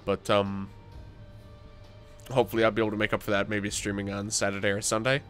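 A man's voice: fairly low pitch, level tone, a little fast, faint music behind. A young man livestreaming a game while sick and tired, chatting casually with viewers, with frequent fillers, restarts and the odd voice crack. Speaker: gaming livestreamer.

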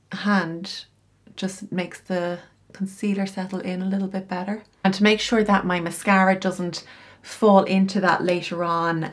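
Middle-aged woman, style coach, lower-pitched voice; chatty tutorial delivery with offhand asides. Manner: chatty, explains each step with casual asides. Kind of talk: makeup tutorial.

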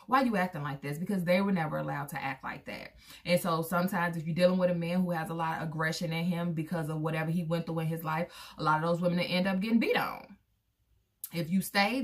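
A woman and mother giving her candid opinions to viewers in a casual vlog, acting out quoted voices with big jumps in pitch. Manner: candid, talks straight to viewers. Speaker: vlogger; parent of a son.

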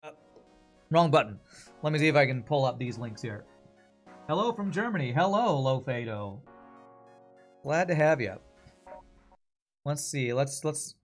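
A man casually commenting while streaming a video game, thinking aloud and laughing easily. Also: mid-range voice.

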